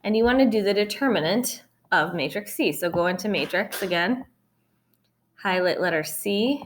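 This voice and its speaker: A woman's voice: mid-range voice, lively intonation, moderate pace, slight background noise. A woman math teacher recording a chatty, upbeat tutorial, talking students through calculator steps and cheering "ta-da" at each result.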